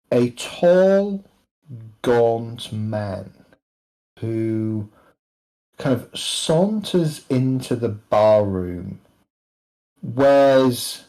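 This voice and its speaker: A man who narrates a tabletop role-playing session as game master. He talks slowly and takes his time over descriptions, often restarting his sentences. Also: mid-range voice, warm tone, rough recording. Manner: unhurried, descriptive, with many restarts.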